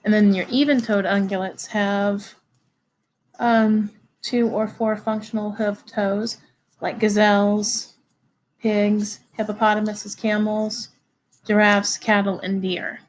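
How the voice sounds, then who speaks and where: A woman giving a recorded biology lecture to students, halting and informal, with many fillers and restarts. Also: mid-range voice, little pitch movement, slight background noise, rough recording. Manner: informal, addresses students directly.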